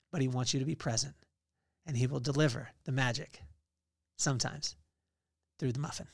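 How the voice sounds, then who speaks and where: A man's voice: medium pitch, gravelly, no echo. A man in his forties hosting a podcast, giving a casual faith-based motivational talk and reeling off lists of virtues. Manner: conversational, reeling off lists of virtues with rising energy. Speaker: podcast host.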